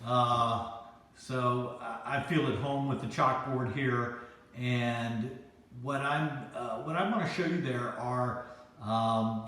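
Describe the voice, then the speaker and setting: Slow, unhurried male poetry teacher, roomy. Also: medium pitch, fairly bright tone. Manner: loose and hesitant, with frequent fillers and restarts. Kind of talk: informal classroom lecture. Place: classroom with a chalkboard.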